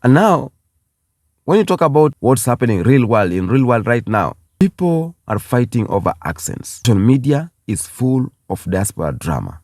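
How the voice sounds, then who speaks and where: A man's voice: medium pitch, very animated, moderate pace, darkish tone, no echo, studio quality. A man from Kenya, giving an impassioned video commentary and repeating phrases for emphasis. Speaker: YouTube commentator.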